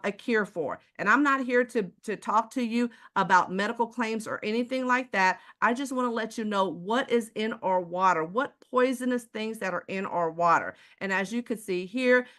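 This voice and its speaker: A woman's voice: medium pitch, a bit bright. A woman giving an emphatic presentation, asking the audience rhetorical questions and addressing them directly.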